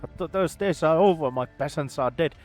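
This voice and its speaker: A man's voice: on the high side, a little fast, darkish tone, faint music behind, voice pushed up, close to an everyday voice. A man voicing a wild, grandiose young lab scientist who rants theatrically while reading a video game aloud. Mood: grieving, theatrical.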